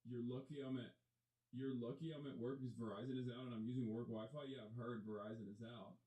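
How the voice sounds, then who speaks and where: A man's voice: medium pitch, fairly even intonation, fast, mellow. A man live streaming from his workplace, rambling casually in a hyped tone, repeating catchphrases and reading chat messages aloud. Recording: roomy echo.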